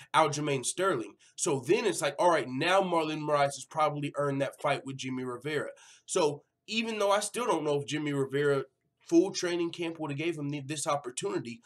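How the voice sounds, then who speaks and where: A man's voice: on the high side, fairly bright tone. A man hosting an MMA news vlog, talking casually, swearing freely and acting out the quotes. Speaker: MMA news channel host. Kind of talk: casual profane commentary vlog.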